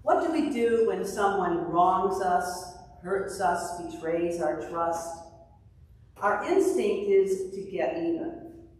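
A woman pastor reading scripture and preaching a sermon in a measured, deliberate way. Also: mid-range voice, lively intonation, a little mellow, slight background noise. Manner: slow, measured delivery with a told joke. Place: church sanctuary. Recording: distant mic in an echoey hall.

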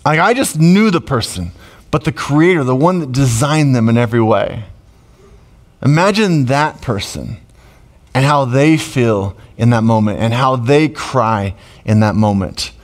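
A middle-aged man preaching a sermon as pastor, conversational and emotional, with sudden loud rises. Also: medium pitch, animated, a little slow.

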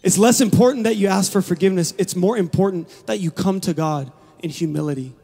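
A man with a notably high voice delivers a sermon in a large church hall. His voice rings out with a long reverb. He swings from hushed, intimate lines to impassioned, shouted calls. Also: fairly quick, breathy edge. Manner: builds from quiet to passionate shouting. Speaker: pastor.

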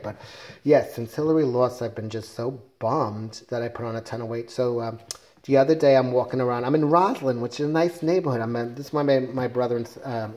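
A man with a mellow, darkish voice talks through a comic book review in a loose, rambling way. He keeps correcting himself mid-sentence and slips in jokey asides as he goes. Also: mid-range voice.

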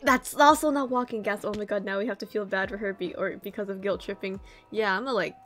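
A woman's voice: mid-range voice, steady tone, fast, a bit bright, soft background music. A woman streaming a game, chatting in a playful, giggly, mock-dramatic way. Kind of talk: casual gaming stream chat.

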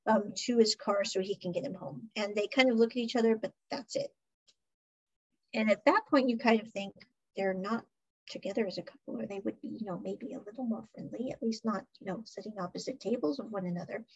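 A woman podcast host, chatty and animated, recapping a television drama in a casual way. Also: medium pitch, fairly quick, slightly rough. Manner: chatty, animated retelling with laughs. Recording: dull lo-fi recording.

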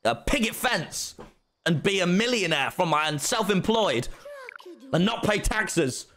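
A man voicing a brash fake-American young streamer persona, loud, boastful and exaggerated. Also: a little high, expressive, normal speed, vocal fry, a little hiss or hum.

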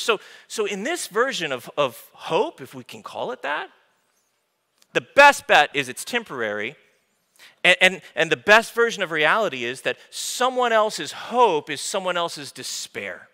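Bright-voiced male pastor in an echoing church. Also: high-pitched, measured pace. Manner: informal and animated, with joking asides to the congregation. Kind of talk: conversational sermon. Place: church sanctuary. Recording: long hall reverb from a church room.

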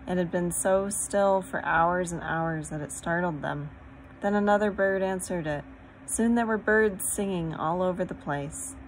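Female audiobook narrator, steady gentle storybook reading, slightly low voice. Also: a little slow, slight background noise, low-quality recording. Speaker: audiobook reader.

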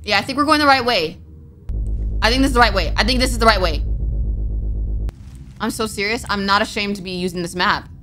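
A young woman commenting on a game she is playing, reacting out loud in an animated way. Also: mid-range voice, fairly quick, pauses often, soft background music. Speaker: gaming video host. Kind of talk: let's play commentary.

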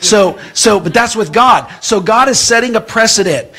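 A man preaching as a guest speaker, animated and conversational, often stumbling over and repeating words as he pushes forward. His voice sits fairly high for a man. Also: moderate pace. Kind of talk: sermon.

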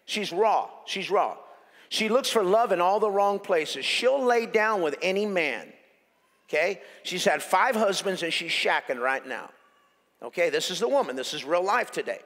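A male pastor preaching an animated sermon, cracking jokes and hammering phrases by repetition. His voice sits high for a man and carries a gravelly rasp. It rings out with long reverb in an echoey church hall. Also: normal speed.

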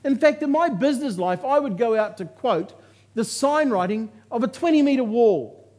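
High-voiced New man, punchy speaker. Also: animated, normal speed, darkish tone. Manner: humorous, punchy storytelling with jokes. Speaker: motivational speaker. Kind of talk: motivational speech to a live audience. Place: stage before an audience.

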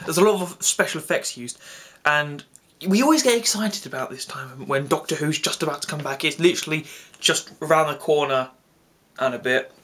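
A man giving a casual reaction video, excitable and gushing, with quick asides. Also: fairly high pitch.

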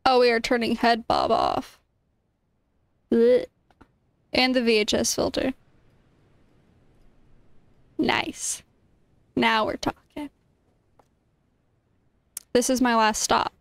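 Young woman, game streamer, high voice, unhurried, excitable, dry close sound. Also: vocal fry, no room sound. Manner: excitable, exclaims often, reads game text aloud. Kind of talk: casual gameplay commentary.

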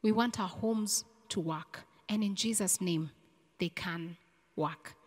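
A woman's voice: on the low side, takes it slowly, husky. Earnest woman preacher in a reverberant church. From Kenya. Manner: earnest, repeats key phrases, rising to fervent prayer. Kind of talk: sermon and prayer. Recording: long reverb in a church hall.

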